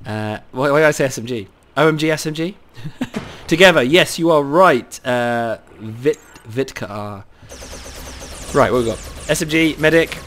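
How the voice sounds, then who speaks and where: A man with a cold giving excitable live commentary over his own gameplay, cheering on teammates and talking to himself. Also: mid-range voice, measured pace, slight background noise. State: has a cold.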